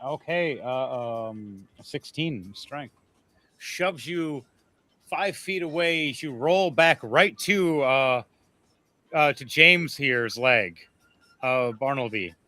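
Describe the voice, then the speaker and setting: A man's voice: mid-range voice, expressive, slow, pushed and bright. A man running a tabletop game as game master, rambling and laughing, with many fillers.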